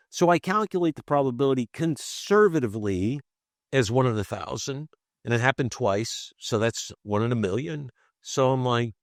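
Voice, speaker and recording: A man of middle pitch recounts a personal story as a podcast guest, his sentences stopping and restarting with repeated words. He slips into animated impressions of the people he quotes. The recording is dry and close, with no room sound at all. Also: no echo. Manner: halting and repetitive, restarting phrases; animated, acts out quoted voices.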